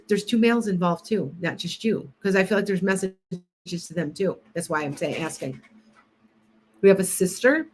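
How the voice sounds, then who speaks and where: A woman's voice: fairly low pitch, darkish tone, slight background noise. Chatty woman hosting a psychic livestream. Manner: chatty, addresses viewers by name, trails off in restarts. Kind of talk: casual livestream reading.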